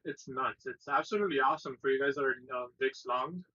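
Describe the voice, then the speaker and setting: A man co-hosting a live trading stream, talking in an animated, slangy way and swearing freely. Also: mid-range voice, fast talker, muffled recording. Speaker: stock trading co-host. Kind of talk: casual live-stream chat.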